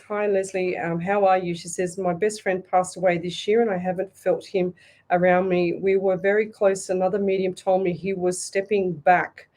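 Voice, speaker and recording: A woman's voice: medium pitch, darkish tone. A woman with an Australian accent hosting a live psychic reading show, talking bluntly and passionately, often restarting her sentences. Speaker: psychic medium radio host.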